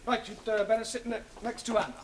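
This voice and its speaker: An actor playing a patient but exasperated English teacher in a 1970s studio sitcom. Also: male voice, high voice, flat delivery, fast talker, heavy background noise, lightly acted. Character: flustered young English teacher, adult man.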